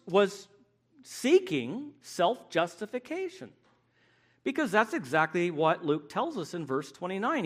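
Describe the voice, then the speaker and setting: Man, sermon, high voice, very animated delivery, emphatic. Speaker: preacher.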